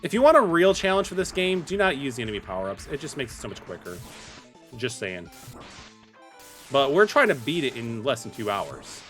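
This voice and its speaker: A man's voice: mid-range voice, sing-song, a little fast, fairly bright tone. A man streaming a game live, chatting casually with his viewers as he plays, with lots of fillers and restarts. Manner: chatty, talks to chat viewers by name while playing; loose filler-heavy talk with many restarts. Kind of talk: casual livestream chat. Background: faint game music.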